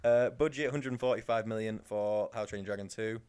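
A man's voice: on the low side, a little fast, a little mellow, smooth. A man co-hosting a podcast, chatting casually and teasing his co-host with sarcastic asides. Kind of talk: casual chat.

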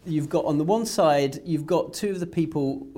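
A man's voice: on the high side, moderate pace, mellow. A man discussing politics in a casual panel chat, talking fluently with frequent restarts. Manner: fluent, repeats words when restarting. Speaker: political commentator.

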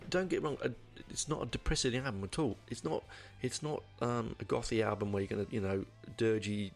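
A man's voice: lowish voice, vocal fry. A man giving a casual album review, rambling and hesitant, with lots of ums and restarts. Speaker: music reviewer.

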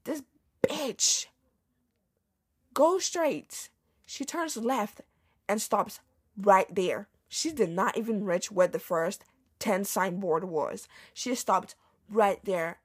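Young woman, podcast host, husky voice, lively swooping pitch, slangy storytime rant. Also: slow pace, long pauses. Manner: animated, swearing, slangy storytelling.

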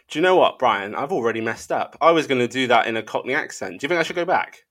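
A man's voice: mid-range voice, animated, quick pace, hardly any pauses, a bit bright. A man from England hosting a casual film podcast, chatty and self-deprecating. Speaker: podcast host.

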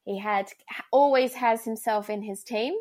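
A woman's voice: fairly high pitch, unhurried, a little mellow. A woman co-hosting a casual football podcast, giggly, with dry teasing humor. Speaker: podcast co-host. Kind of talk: casual chat.

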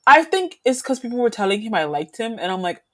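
A young woman co-hosts a podcast and relates a story from school with casual energy, breaking into laughter as she plays out people's lines. She talks fast in a fairly high voice.

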